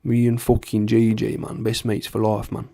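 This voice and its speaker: A man's voice: on the low side, completely flat delivery, moderate pace, creaky. A man putting on a brash East Midlands lad. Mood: boisterous. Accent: East Midlands (Nottingham/Derby area, as imitated). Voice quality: loud, swaggering, swears freely. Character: brash young male party lad, East Midlands accent.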